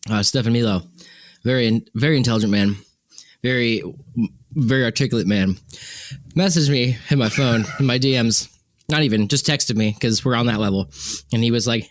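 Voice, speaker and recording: A man's voice: medium pitch, a little fast, no echo. A man from Wyoming co-hosting a podcast in casual chat, joking and poking fun at himself as he tells stories. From Wyoming, USA. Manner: joking, self-mocking storyteller. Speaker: podcast co-host.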